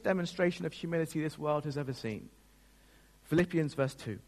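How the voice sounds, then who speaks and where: A man's voice: fairly high pitch, brisk, a little mellow, in a large hall. Earnest, emotional male preacher. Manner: earnest and emotional, with frequent restarts. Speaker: pastor. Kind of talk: sermon.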